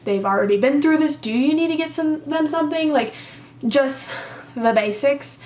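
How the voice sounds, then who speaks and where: Young mom vlogger, high voice, rambly and chatty, kinda echoey room and far from the mic. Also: female voice, moderate pace, a little mellow. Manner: chatty, rambling, many fillers. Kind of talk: casual mommy vlog. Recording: echoey room, mic at a distance, faint background noise.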